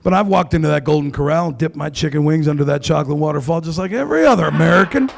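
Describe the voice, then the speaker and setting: A man's voice: on the high side, animated, quick pace, creaky. A man doing stand-up comedy in a comedy club, brash and crude with mock outrage.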